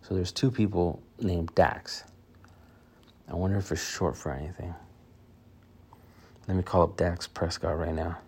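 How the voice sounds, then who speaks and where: Man, low pitch, mellow tone, casual solo podcast host, rambling, filler-heavy. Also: steady tone, a little slow, long pauses, husky. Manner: rambling, loose, many fillers and restarts.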